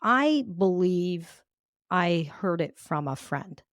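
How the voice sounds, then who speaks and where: A woman coach of Cuban heritage tells personal stories as a podcast guest, in a lowish voice recorded close and dry. She is animated and acts out her own past thoughts as she talks. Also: slow, dry recording. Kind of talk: storytelling in an interview.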